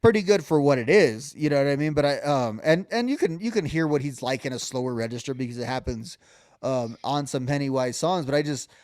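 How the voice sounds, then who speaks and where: A man's voice: mid-range voice, expressive, brisk, darkish tone, no echo, studio quality. A man co-hosting a casual music podcast, talking loosely with many restarts and fillers. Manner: rambling, many restarts and fillers, hums melodies. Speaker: podcast co-host.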